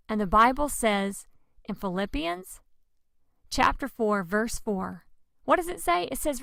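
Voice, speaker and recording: An animated woman preaching a simple devotional message, her voice gravelly at the edges and bright in tone. She bursts into sudden loud exclamations. The sound is dry and close, with almost no room echo. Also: on the high side, moderate pace. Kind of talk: lively children's-style devotional teaching.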